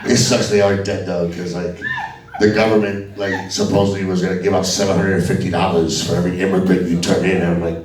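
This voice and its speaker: A man's voice: sits low, little pitch movement, quick pace, a little mellow. A man from Alabama doing a crude, profane stand-up comedy set on a club stage. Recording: echoey club from a distance with crowd laughter.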